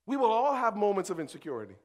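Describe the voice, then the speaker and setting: A young adult man preaching as a pastor, moving between quiet reflection and loud excited bursts. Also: high-pitched, racing. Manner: animated, swings from quiet to shouting. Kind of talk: sermon. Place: church hall.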